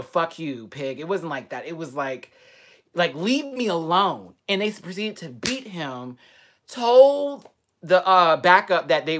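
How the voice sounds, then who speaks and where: A man vlogging live to his viewers, telling a personal story in an outspoken way with lots of swearing. He talks straight to the audience, swinging from loud emphasis to quiet asides. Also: on the high side. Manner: frequent profanity and direct address to viewers. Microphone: webcam or computer mic on a live stream.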